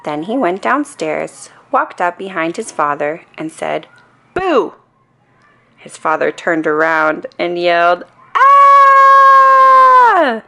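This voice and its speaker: A woman reading a bedtime story aloud, gentle and expressive. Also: low voice, unhurried, vocal fry, few pauses, lo-fi sound, a little hiss or hum. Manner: gentle and expressive, with playful voices. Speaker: storybook reader.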